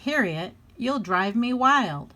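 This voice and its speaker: A woman reading aloud plays a patient storybook mother who would rather plead than shout. Her voice is soft, low-pitched and measured, with an unhurried, gently coaxing manner. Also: lively intonation, full character voice.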